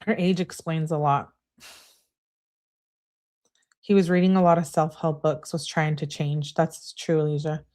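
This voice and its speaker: Woman with a lowish voice reading texts on a live stream, gets loud on the quotes, quiet dry asides. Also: little pitch movement, a little slow, pauses often. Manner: reads texts in a raised, heated voice and comments in a lower, dry aside; talks back to chat viewers. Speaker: true crime live streamer. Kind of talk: live reading of text messages with commentary.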